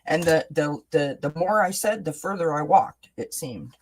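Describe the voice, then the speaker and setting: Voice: medium pitch, animated, normal speed, slight background noise. A tarot reader hosting a live reading, talking casually and often checking in with "right?" while repeating words and restarting sentences. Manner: chatty, keeps asking "right?". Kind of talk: livestream tarot reading chat.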